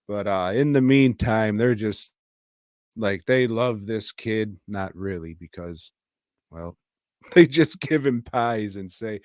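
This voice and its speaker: A man's voice: fairly low pitch, slow, a little mellow, dry recording, clean studio sound. A middle-aged man, tipsy from drinking, hosting a podcast and giving a casual, profane, rambling episode review. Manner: profane, rambling, laughing at his own jokes.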